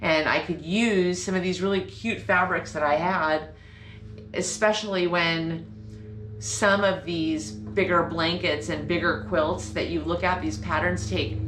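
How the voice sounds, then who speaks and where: A woman's voice: lowish voice, moderate pace, background noise. A woman hosting a sewing vlog from her home sewing room, bubbly and rambling, often correcting herself. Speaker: sewing channel host. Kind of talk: casual chatty sewing vlog. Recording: echoey room with faint ambience.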